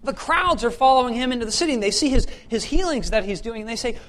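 High-pitched man preaching, conversational, with restarts, swells to emphatic questions. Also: animated, fast talker, fairly bright tone. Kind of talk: scripture reading and sermon.

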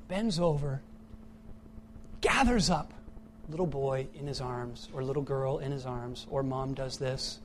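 A middle-aged man preaching to a church congregation. He moves between hushed, reflective passages and loud, emphatic ones. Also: medium pitch, measured pace, slight background noise. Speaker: pastor. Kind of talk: sermon.

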